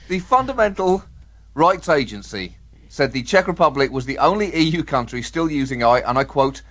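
A man's voice: a little high, sing-song, normal speed, fairly bright tone. A man co-hosting a comedic news podcast, giving dry, mock-serious delivery with sudden outbursts. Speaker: co-host.

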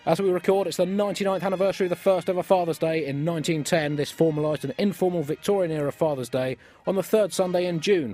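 Deadpan British man with comic outbursts. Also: fairly high pitch. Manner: dry, deadpan delivery with bursts of mock outrage. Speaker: comedy podcast host. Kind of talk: satirical comedy banter.

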